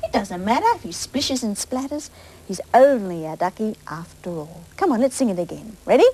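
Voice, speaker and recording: A woman with an Australian accent presenting a children's TV show, singing and reading a story aloud with gentle, coaxing questions to the children. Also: medium pitch, expressive, moderate pace, slightly rough, rough recording. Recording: 1980s TV broadcast with faint music.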